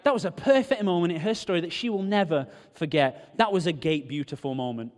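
A man preaches a sermon as an animated storyteller, joking with the congregation along the way. His voice is on the high side and moves fairly quickly. A long hall reverb trails his words.

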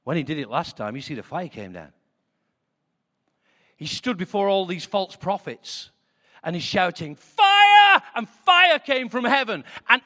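A man preaching a sermon with passion, moving between hushed, prayerful lines and loud declarations. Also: extremely high pitch, in a large hall.

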